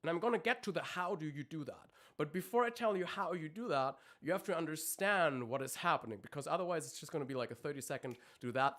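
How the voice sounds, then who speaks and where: A vocal coach explains singing technique during a live-streamed lesson, his voice a little high and fairly bright. He says "um" a lot and keeps restarting, and he breaks off now and then to demonstrate screams.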